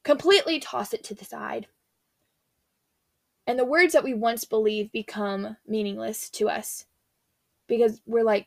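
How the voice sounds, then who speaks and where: A woman's voice: on the high side, unhurried, vocal fry, pauses often, no room sound. A young woman giving a casual devotional talk, earnest and chatty, retelling scripture in a slangy storytelling way. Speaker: faith speaker.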